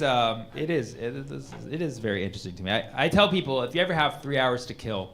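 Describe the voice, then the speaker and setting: A man's voice: medium pitch, fairly bright tone. A man doing a stand-up comedy set in a rambling, ironic way, full of "like" and "you know", recorded live on a comedy club stage with audience noise.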